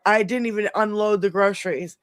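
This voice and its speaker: A middle-aged woman hosting a podcast, telling a long story in a casual, animated way, swearing freely and rambling. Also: medium pitch, brisk, dry recording, studio quality. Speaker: podcast host.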